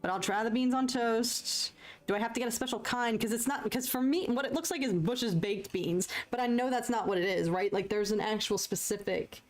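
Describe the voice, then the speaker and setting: A young American woman chatting casually and excitably while painting on a live stream, joking at her own expense and answering viewers. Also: fairly high pitch, fairly quick, faint music behind. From United States. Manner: chatty, excitable, self-deprecating, reads chat aloud.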